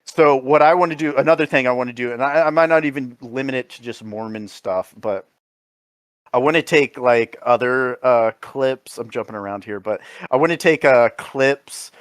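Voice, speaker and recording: A man's voice: mid-range voice, moderate pace, fairly bright tone, dry recording, studio quality. A man co-hosting a comedy podcast, chatting casually in a rambling way, often laughing and swearing. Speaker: podcast co-host.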